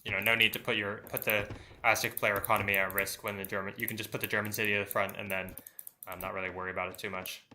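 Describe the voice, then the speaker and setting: A man's voice: on the low side, little pitch movement, quick pace, sharp tone, slight background noise. A man commentating a strategy game match, thinking aloud with many fillers and restarts. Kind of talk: esports commentary.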